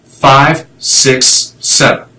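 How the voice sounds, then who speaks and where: A man's voice: medium pitch, steady tone, very slow, pushed and bright, poor audio. A man talking casually on a live stream, explaining x-rays in a blunt, fired-up way, with tangents and mild swearing. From Italian heritage.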